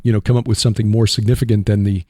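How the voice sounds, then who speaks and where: A man with a Midwestern accent hosting a casual Christian radio talk show, rambling and halting with fillers. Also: on the low side, little pitch movement, warm tone, dry recording, clean studio sound. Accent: Midwestern American. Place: barn studio.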